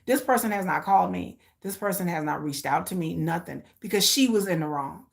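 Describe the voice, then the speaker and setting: A woman's voice: lowish voice, brisk, creaky. A middle-aged woman casually telling a personal story, blunt and emotional, swearing freely and acting out what others said. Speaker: live watch-along streamer.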